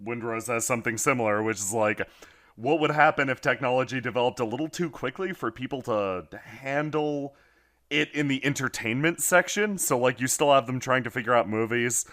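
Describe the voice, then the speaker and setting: A man's voice: medium pitch, brisk, a bit bright. A man co-hosting a casual podcast, upbeat and correcting himself mid-sentence. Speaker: podcast co-host. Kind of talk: casual chat.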